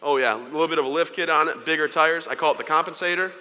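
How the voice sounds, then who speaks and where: A man speaks to a large audience, spinning personal stories into jokes and teasing the crowd. His voice is bright and forward, and the sound carries the long echo of a big hall. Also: on the high side, racing, clear, resonant tone. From United States. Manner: joking storyteller, playful asides to the audience. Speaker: keynote speaker. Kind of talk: humorous motivational speech.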